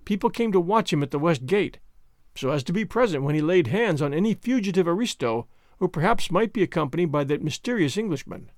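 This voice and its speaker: A man's voice: fairly high pitch, expressive, a little fast, a little mellow, dry recording, studio quality. A man narrating a classic novel as an audiobook, reading expressively.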